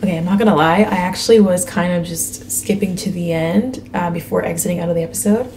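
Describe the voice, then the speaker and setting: A young woman reacting out loud to a show, gasping and thinking aloud as she watches. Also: fairly low pitch, fast talker, a little hiss or hum. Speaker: reaction video host. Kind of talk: live reaction commentary.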